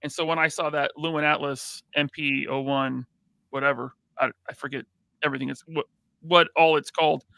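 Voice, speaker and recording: An American live-podcast host reads out names from the chat with quick, casual, upbeat greetings. His fairly high voice stays level, with vocal fry in a bright, forceful, smooth tone, recorded at studio quality without echo.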